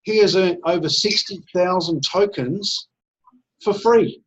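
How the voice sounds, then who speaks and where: Energetic man pitching on a call. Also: measured pace, breathy edge. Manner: energetic, keeps tagging "all right?". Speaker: network marketing presenter. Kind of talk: persuasive sales pitch on a video call. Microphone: video call. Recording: dull lo-fi call audio.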